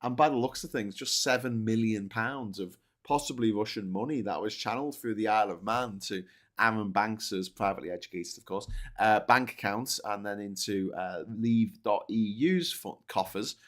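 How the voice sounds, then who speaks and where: A man's voice: fairly low pitch, moderate pace. Rambling, jokey British man hosting a live stream. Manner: rambling, self-correcting, jokey. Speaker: co-host of a live news stream. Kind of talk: casual live-stream chat.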